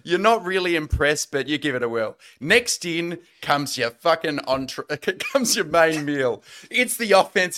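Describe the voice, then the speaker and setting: An Australian man on a casual sports podcast, cursing freely and laughing his way through quick-fire answers. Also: fairly high pitch, a bit bright. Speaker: podcast co-host.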